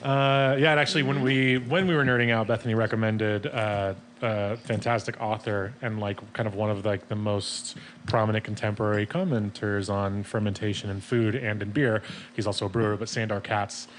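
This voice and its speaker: A man's voice: lowish voice, flat delivery, normal speed, slight background noise. A man hosting a casual podcast from a taproom, laid-back, laughing often and swearing freely. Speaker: podcast host. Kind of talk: casual chat.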